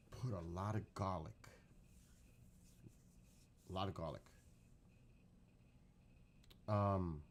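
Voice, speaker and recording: A man with a fairly low speaking voice chats about a home-cooked dish in a loose, rambling way. He gets excited, repeats himself, and backtracks to correct his steps as he explains. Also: slight background noise. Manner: excitable, keeps repeating how hungry he is. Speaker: streamer reacting to his own cooking clip. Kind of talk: casual chat and recipe explanation.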